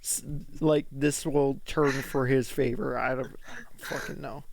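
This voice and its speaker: A man's voice: medium pitch, little pitch movement, measured pace, vocal fry, no room sound. A man co-hosting a podcast, chatting casually and telling loose, profane stories full of filler words. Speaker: podcast co-host. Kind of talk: casual chat.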